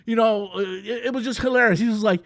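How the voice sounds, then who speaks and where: High-voiced, exasperated male movie reviewer. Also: steady tone, a little fast, gravelly, a bit bright, no echo, clean studio sound. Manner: exasperated, profane, sarcastic rant.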